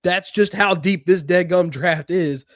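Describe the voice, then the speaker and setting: A man with a slightly higher voice co-hosts a casual sports podcast. He argues his points emphatically and reassuringly, restarting quickly, and the recording sounds dry and close. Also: no echo. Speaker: podcast co-host.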